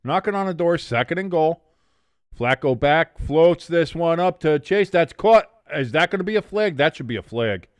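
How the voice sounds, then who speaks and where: A man's voice: a little high, expressive, moderate pace, dry recording, clean studio sound. A young man casually commenting on a football game live for a stream, reading chat aloud and swearing freely. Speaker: watch-along streamer.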